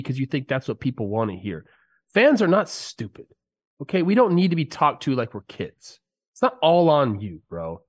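This podcast co-host, a former pro player, is sick yet heated and emphatic as he chats casually about sports in the studio. He talks at normal speed, his slightly high voice swinging widely in pitch.

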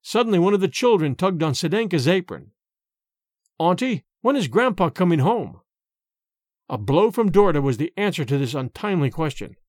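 Man, audiobook narration, measured, slightly high voice, dry. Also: no echo. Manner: measured, storytelling. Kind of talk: scripted first-person narration.

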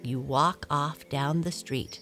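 A woman's voice: low-pitched, steady tone, slow, a bit bright, exaggerated voice. A woman voicing a worldly young male cat in a storybook, speaking in a knowing, slightly proud way. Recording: clear music behind voice.

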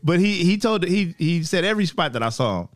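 A man's voice: sits high, sing-song, quick pace, no echo. A man chatting casually in slang and chiming in on a story. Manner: laid-back, slangy, chimes in. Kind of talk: casual chat.

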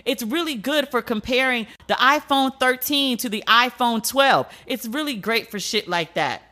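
Fairly high-pitched and sharp, a young female podcast host rants at a moderate pace. She keeps it casual, crude, and comedic, feigning disbelief as she goes.

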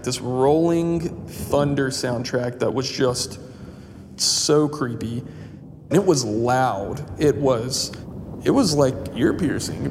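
A man's voice: mid-range voice, darkish tone, slight background noise. A man telling a personal story in a casual, rambling way, full of fillers and restarts. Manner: rambling, full of "like" and "you know". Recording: long reverb, faint music.

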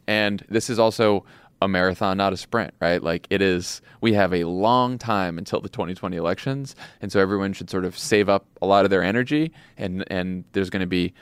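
A man's voice: low-pitched, brisk, smooth, dry recording. A man hosting a podcast, talking in an earnest, encouraging, conversational way. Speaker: podcast host. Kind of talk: casual political chat.

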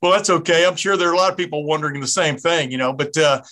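This middle-aged Southern American podcast host speaks quickly, his slightly high voice pushed and bright. In a casual interview he chats and rambles, often cutting himself off before finishing a thought.

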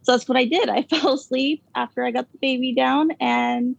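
Gravelly high woman, halting storyteller. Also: steady tone. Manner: halting, filler-heavy, nervous laughs. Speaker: caller telling a ghost story. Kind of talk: casual storytelling. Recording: dull, dry lo-fi sound.

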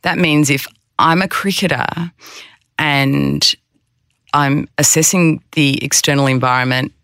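A mindfulness coach in casual conversation who explains calmly and sometimes acts out anxious self-talk in quick, higher bursts. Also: vocal fry, clean tone, no room sound, studio quality.

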